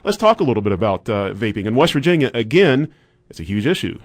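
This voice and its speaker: A man's voice: medium pitch, sing-song, fast talker, no echo. A young adult man hosting a casual radio interview, chatty with frequent restarts and sarcastic asides. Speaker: radio show host. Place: radio studio.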